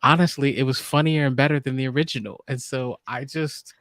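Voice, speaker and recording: A man's voice: medium pitch, fairly even intonation, a little fast, fairly bright tone, no room sound, clean studio sound. Rambling man on a podcast. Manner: rambling, restarts, acts out his own reactions. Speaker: podcast co-host. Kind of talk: casual podcast review chat.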